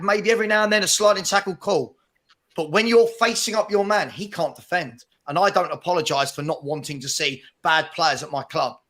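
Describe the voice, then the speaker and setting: A man hosting a heated football fan debate on a video call, forceful and repeating himself as he talks over others. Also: high voice. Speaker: podcast host.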